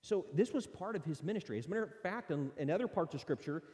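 Male preacher, slightly high and mellow, animated sermon delivery in a reverberant church hall. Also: fast talker. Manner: animated, conversational preaching with scripture readings.

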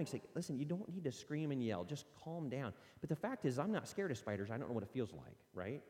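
Here a middle-aged man with a fairly high, mellow voice teaches parents earnestly and conversationally. He acts out what parents and children say, in a recording with long reverb.

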